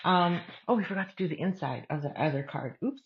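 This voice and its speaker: A woman's voice: lowish voice, lively intonation, fairly quick, dull audio. A woman hosting an online craft class, talking casually step by step and thinking aloud as she works. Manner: chatty, thinks aloud while working.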